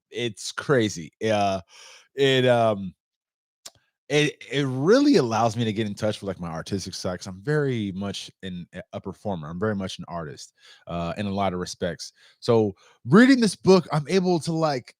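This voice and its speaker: Animated, casual man chatting to camera. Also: fairly low pitch, no room sound, clean studio sound. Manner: loose, animated, swears freely. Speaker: outdoor vlogger.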